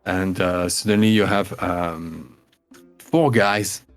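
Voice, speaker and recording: A man runs a tabletop game in a fairly low voice. He halts and restarts often as he narrates. Faint music plays under him. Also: steady tone. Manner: halting, full of fillers and restarts. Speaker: game master.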